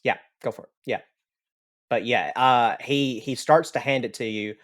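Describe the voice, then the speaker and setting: A man narrating a tabletop game as game master, in a slow and rambling way with restarts. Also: medium pitch, a bit bright.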